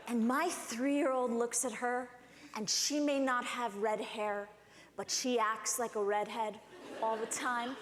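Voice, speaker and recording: A woman giving a conference talk, telling a personal story in an animated way and acting out the voices of the people in it. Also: a little high, slow. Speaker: conference speaker. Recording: echoey hall with long reverb.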